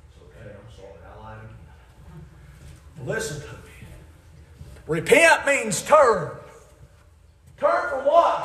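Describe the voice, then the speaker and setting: A man preaching a fiery revival sermon, shouting at his peaks, then dropping low for emphasis, with folksy grammar. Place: church. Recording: very echoey church hall.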